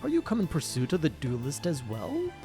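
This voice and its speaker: Streamer as a grandiose gentleman detective, flowery and theatrical, lively pitch, faint music. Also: fairly quick. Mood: gallant. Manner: theatrical, flowery, self-important. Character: pompous gentleman inspector, grandiose.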